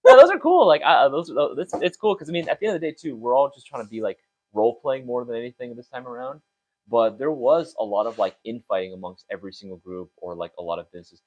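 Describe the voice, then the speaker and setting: Young male co-host, quick animated storyteller, lots of "like" and restarts. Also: medium pitch, dull audio. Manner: fast, animated storytelling with many fillers. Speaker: co-host of a store talk show. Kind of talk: casual chat.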